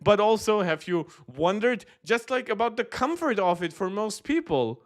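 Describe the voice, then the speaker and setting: Guy streamer with a pretty high voice arguing back at a tech video, dismissive, keeps butting in. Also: sing-song, normal speed. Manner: argumentative, interrupting, dismissive. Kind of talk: live-stream reaction commentary.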